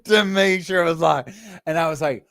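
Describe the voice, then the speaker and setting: A man, hosting a casual live chat from home and telling animated stories full of fillers and asides. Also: fairly high pitch, moderate pace, gravelly, no room sound, clean studio sound. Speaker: live stream host.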